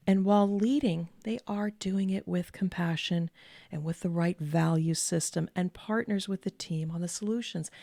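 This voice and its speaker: A middle-aged woman hosting a podcast, giving calm, measured, earnest advice to executives with deliberate pauses. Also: on the low side, vocal fry, no echo. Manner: earnest and encouraging, repeats key words. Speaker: podcast host and executive coach. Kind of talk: direct-to-camera advice talk.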